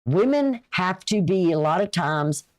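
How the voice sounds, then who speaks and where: A woman's voice: on the low side, expressive, unhurried. A woman giving a casual, folksy astrology reading, chatty and advice-giving, with a runny nose. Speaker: astrology and tarot reader.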